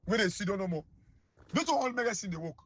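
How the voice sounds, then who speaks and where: A man's voice: sits high, lively intonation, fast, husky. A man with a Sierra Leonean Krio accent giving heated, scornful political commentary that repeats itself. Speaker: online commentator.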